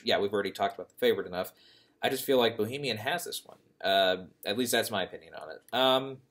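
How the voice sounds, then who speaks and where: Speaking in a mid-range, somewhat bright voice, a young man offers casual commentary on who might win awards. His thinking-aloud style wanders, full of fillers and self-corrections.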